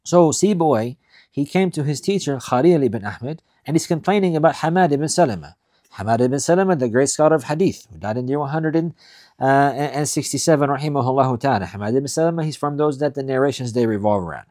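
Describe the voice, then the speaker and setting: A man teaching a religious lesson. He reads Arabic passages quickly, then explains them in English, repeating his key points with emphasis. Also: medium pitch, expressive, a little mellow, dry recording, clean studio sound. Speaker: Islamic studies teacher. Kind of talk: recorded lesson explaining classical texts.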